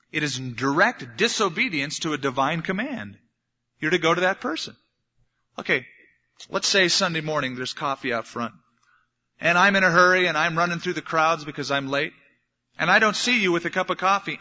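Male pastor, sermon delivery, bright slightly high voice, dull lo-fi recording. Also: long reverb tail. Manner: animated storytelling, acting out little scenes.

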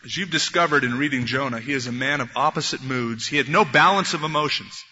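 A man preaching a sermon, animated, acting out the voices of biblical figures as he goes. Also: medium pitch, fast, a little hiss or hum. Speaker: pastor. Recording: dull lo-fi recording in a reverberant hall.

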